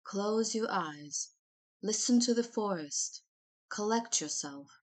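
A woman voicing a man's cold, authoritative inner voice in an audiobook, giving slow, calm, firm instructions. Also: medium pitch, husky. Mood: calm, commanding. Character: cold, commanding inner voice of a man. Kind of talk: audiobook narration.

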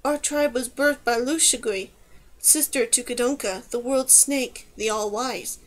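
A woman's voice: a little high, unhurried, close to an everyday voice. A woman reading an audiobook voices an old tribal man, earnest and cheerful, speaking formally in simple phrases.

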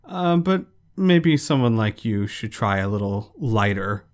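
A weary middle-aged bartender, hesitant and dismissive, speaking slowly in a low, subdued voice, as a man puts him on. It stays close to an everyday speaking voice. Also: sing-song.

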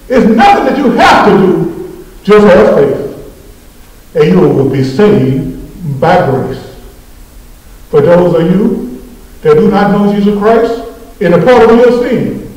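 A man's voice: high voice, very animated, slow, long pauses, darkish tone. A man preaching a fervent sermon, pleading with listeners and repeating his appeals. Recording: very echoey room, voice from far off.

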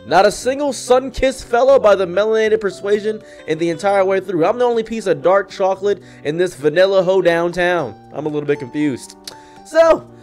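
A young man hosting a comedic storytime, delivering it in a deadpan, mock-dramatic way with wry asides. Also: high-pitched, moderate pace, soft background music. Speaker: storyteller, channel host.

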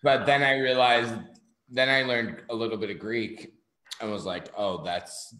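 A man's voice: mid-range voice, fairly even intonation, unhurried, bright, forceful tone, echoey room, poor audio. A man from New York talking casually on a livestream as co-host, blunt and swearing freely.

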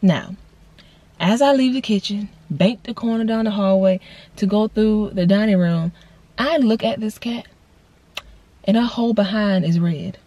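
A woman in her twenties telling a personal story on a vlog, casual and slangy, jumping her voice high for quoted lines. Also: a little slow, pauses often, no room sound. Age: 20s. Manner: animated storytelling with big voice jumps for quoted lines; casual slangy talk, addresses viewers as y'all. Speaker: vlogger.

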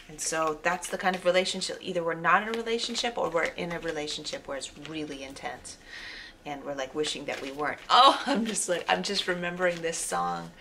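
Female tarot reader, lowish gravelly voice, rambling casual delivery with fillers, slips into near-whispers, faint background hiss. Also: a bit bright. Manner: meandering, with frequent fillers and self-corrections. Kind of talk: casual spoken tarot reading.

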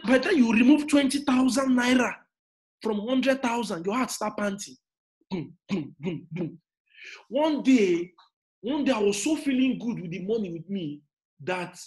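High-voiced Nigerian man in his thirties. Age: 30s. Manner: emphatic, repetitive, swings from quiet to shouting. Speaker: motivational speaker. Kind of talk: motivational talk. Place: indoors in an air-conditioned room.

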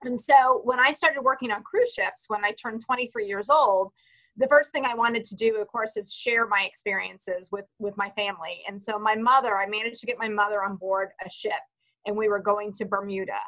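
Speaking as a panelist, a cruise business president from Texas tells a casual story full of restarts. Her mid-range voice moves at normal speed with a fairly bright tone, though the audio quality is poor.

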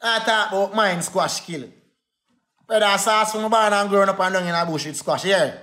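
A man's voice: high-pitched, moderate pace, pushed and bright. A young Jamaican man in a heated livestream rant, defiant and repetitive, calling out to his viewers.

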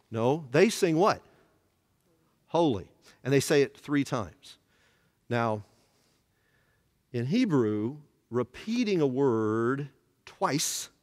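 A man's voice: medium pitch, long reverb tail. A man teaching a church Bible study who keeps asking his class to fill in the answers. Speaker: pastor.

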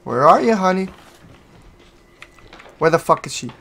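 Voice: medium pitch, sing-song, unhurried, pauses often, fairly bright tone. A gaming channel host giving let's-play commentary, swearing freely, taunting the enemy and yelping when startled.

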